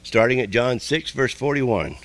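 A man preaching a sermon as pastor, folksy and repetitive, with quick asides to the congregation. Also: medium pitch, expressive, fairly bright tone.

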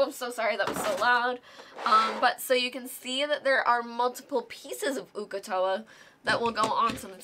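A woman hosting a casual show-and-tell vlog, gushing and excitable with plenty of filler words. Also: a little high, background noise. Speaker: guest host showing board game miniatures.

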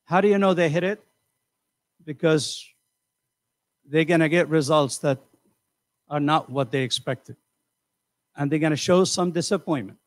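Older man, motivational seminar speaker, animated, a bit high-pitched, dry close sound. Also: no echo. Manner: animated, acts out quoted voices; conversational, asks the audience questions. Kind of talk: motivational lecture. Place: community center hall.

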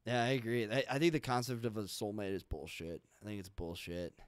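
A man hosts a podcast in a rambling, easygoing way, leaning on "like" as he works through his thoughts. His voice sits low and smooth, heard close and dry. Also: fairly even intonation, brisk, no room sound. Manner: rambling, laid-back, says "like" a lot. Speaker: podcast host. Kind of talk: casual podcast chat.

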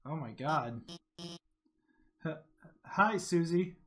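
A woman's voice: low voice, lively intonation, very slow. A woman giving rambling let's play commentary while reading game text aloud. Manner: rambling, restarts thoughts with "like". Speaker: gamer. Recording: game music behind voice. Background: game music.

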